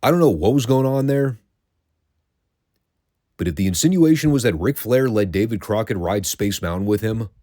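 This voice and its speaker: A man with a fairly low voice recaps old wrestling episodes in a loose, casual way, dryly sarcastic and quick to swear. The recording is dry and close, with no room sound. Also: animated, warm tone, no echo. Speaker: podcast host reviewing classic wrestling.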